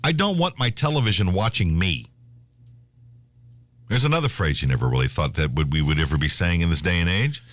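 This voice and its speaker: A man hosting a radio talk show, speaking into a close studio mic. His voice sits low but swings widely, and he wanders through his stories with a steady stream of ums and uhs. The sound is dry, with no room around it. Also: a little fast, no room sound. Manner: rambling, reads news aloud, many fillers.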